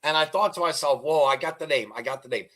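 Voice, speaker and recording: A man's voice: on the high side, fast, fairly bright tone. An older man with a slightly raised voice hosts a casual interview. He rambles through jokes and stories, putting on voices for the people in them. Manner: rambling storyteller, acts out joke dialogue. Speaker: podcast host.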